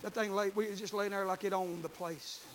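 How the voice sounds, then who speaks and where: High-voiced fervent preacher man. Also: fairly even intonation, a little fast, slight background noise. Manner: fervent, folksy storytelling with bursts of shouting. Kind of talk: sermon. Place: church.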